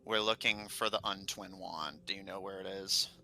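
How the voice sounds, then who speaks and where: A man voicing a mirror-world double who speaks in a flat monotone, low and quiet. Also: normal speed, vocal fry, a little hiss or hum, heavily acted.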